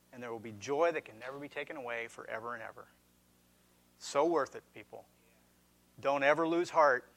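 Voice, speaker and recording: A middle-aged man preaching a sermon as pastor, earnest and emphatic, dropping to soft reassurance at times. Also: on the high side.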